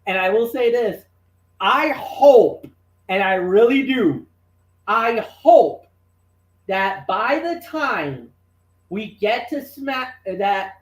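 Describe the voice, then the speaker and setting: A man co-hosting a wrestling talk show, excitable and rambling, with lots of restarts. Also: high-pitched, echoey room. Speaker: wrestling podcast co-host. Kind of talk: casual chat.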